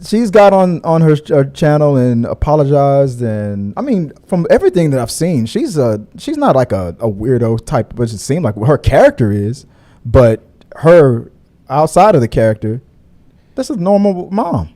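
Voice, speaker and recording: A man hosting a casual online show, chatting loosely, laughing often and now and then breaking into high mocking voices. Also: very animated, moderate pace, warm tone. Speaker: podcast host. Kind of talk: casual chat.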